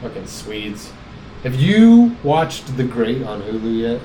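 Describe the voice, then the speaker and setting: Reading news stories aloud with crude jokes, this podcast host keeps things casual in a warm, medium-pitched voice. He's very animated yet slow-paced, and the echoey room picks up some faint background noise.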